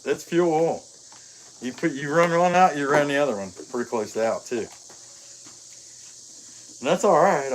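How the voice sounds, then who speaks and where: A man's voice: mid-range voice, poor audio. A man, chatting casually and joking as he hosts a chainsaw carving livestream outdoors. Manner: folksy, joking, rambling with fillers. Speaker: chainsaw carver, livestream host. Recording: faint outdoor noise.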